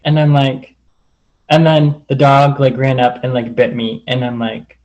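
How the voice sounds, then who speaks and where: A man's voice: mid-range voice, level tone, a little slow, a little mellow, muffled recording. A man telling a personal story in a casual, rambling way, full of "like", over a video call. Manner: rambling, heavy use of "like". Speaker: group call participant.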